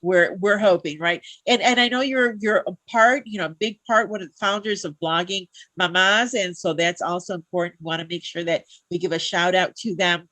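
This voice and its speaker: A woman's voice: lowish voice, fairly even intonation, a little fast, hardly any pauses, pushed and bright, no room sound. Heartfelt woman hosting a live chat. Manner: heartfelt, lots of fillers and restarts. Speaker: talk show host.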